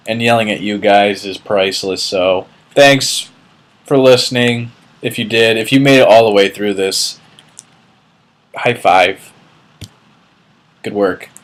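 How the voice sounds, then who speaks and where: A young man ranting casually and bluntly, swearing and cutting words off mid-sentence. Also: fairly low pitch. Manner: blunt, profane, mocking, trailing off mid-word. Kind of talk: casual vlog rant.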